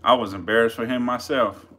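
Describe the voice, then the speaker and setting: A man giving casual live-stream commentary as a reptile keeper, chatty with viewers, swearing and getting excited. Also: medium pitch, normal speed.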